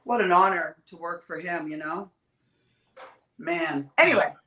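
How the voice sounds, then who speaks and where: Profane, animated woman telling stories. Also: on the low side, roomy sound, poor audio. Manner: profane, animated, quick storytelling. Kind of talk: casual storytelling chat. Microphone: livestream video call.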